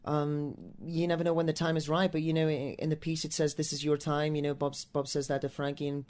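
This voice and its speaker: Stage actor from Newcastle, English man with a mixed American-Northern English accent, speaks quickly with little pitch movement. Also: little pitch movement, a little mellow. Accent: mix of American and Northern English. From Newcastle, England. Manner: rambling, many restarts and fillers. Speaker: musical theatre actor and singer. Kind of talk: interview answers.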